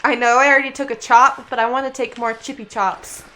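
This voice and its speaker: Bubbly high-voiced woman streamer. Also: little pitch movement, a little fast, bright, forceful tone. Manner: chatty, giggly, coos baby talk at her cat. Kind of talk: casual gaming livestream chat.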